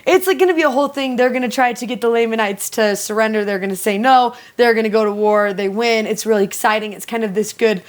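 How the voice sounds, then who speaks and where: Animated young woman discussing scripture. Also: a little high, fast talker, few pauses. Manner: animated storyteller, frequent "like" fillers. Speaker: co-host of scripture study show.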